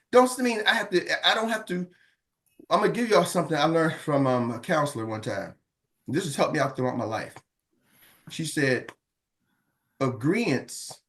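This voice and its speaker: A middle-aged business coach gives a motivational talk, his voice on the high side and a bit bright. Like a preacher, he calls out questions to the audience and acts out other people's voices as he quotes them.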